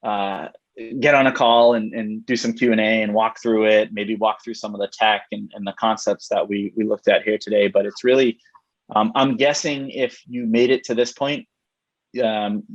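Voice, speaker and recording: Low-voiced man on dull, dry audio. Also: level tone, normal speed, no room sound. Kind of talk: webinar panel discussion.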